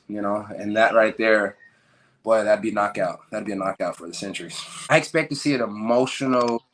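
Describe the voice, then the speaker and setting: A young man, a professional fighter, giving laid-back, joking interview answers full of fillers. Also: mid-range voice.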